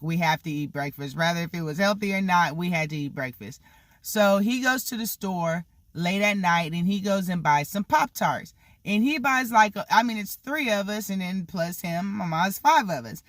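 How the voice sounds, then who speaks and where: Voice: medium pitch, no room sound, clean studio sound. An adult vlogger telling a childhood story casually, rambling with lots of fillers and laughing now and then. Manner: rambling, many "like" and "you know" fillers.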